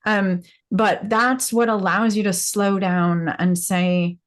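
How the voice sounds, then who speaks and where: A woman's voice: mid-range voice, steady tone, slow, few pauses. A woman hosting a conversational interview who often chimes in with short affirmations and agrees readily. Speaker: interview host.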